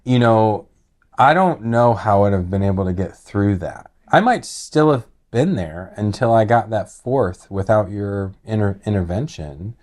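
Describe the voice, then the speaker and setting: A middle-aged man with a fairly low voice tells a personal story. He rambles earnestly, restarting sentences and leaning on filler words as he goes. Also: lively intonation, measured pace, a little mellow. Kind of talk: casual emotional storytelling.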